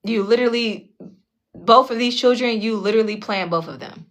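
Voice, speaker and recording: A woman's voice: a little high, fairly quick. A woman telling a personal story in a casual, blunt monologue, heavily profane, often checking in with her listeners and acting out the people in her story. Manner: animated, acts out the other people in her story. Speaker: tarot channel host telling a personal story.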